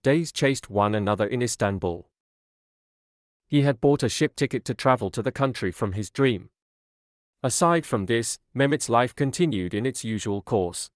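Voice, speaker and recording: A man calmly narrating a scripted storybook tale in a measured way. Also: mid-range voice, no room sound, clean studio sound.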